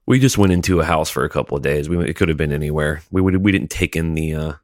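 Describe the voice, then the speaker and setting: Very low-voiced male podcast host. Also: fast, dry recording. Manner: dry, teasing banter. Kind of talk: casual comedic chat.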